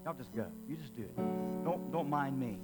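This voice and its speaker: A man's voice: mid-range voice, expressive, loud music behind the voice. A man preaching a sermon, firing off repeated questions and leading the congregation in call-and-response. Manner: impassioned preaching, rapid-fire repeated questions. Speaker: pastor. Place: church sanctuary.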